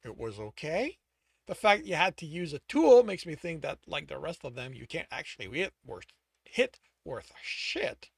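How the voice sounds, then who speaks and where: Man doing a cocky beaten-up young merc; gravelly, swinging delivery. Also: a little high, sing-song, normal speed, no room sound, clean studio sound, exaggerated voice. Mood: taunting. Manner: cocky, taunting. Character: brash battered young male mercenary.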